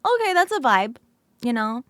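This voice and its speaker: A woman's voice: a little high, very animated, moderate pace, a bit bright, no echo, studio quality. A woman streamer chatting casually with viewers, sleepy and just woken up, laughing often.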